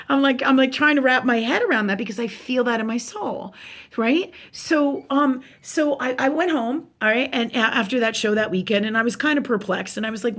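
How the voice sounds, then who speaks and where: A woman spiritual teacher speaks to her viewers on a live show. Her delivery is casual and animated, full of fillers and restarts. She drops in curse words without hesitation. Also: a little high, moderate pace. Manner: animated storytelling, swears freely, many fillers and restarts.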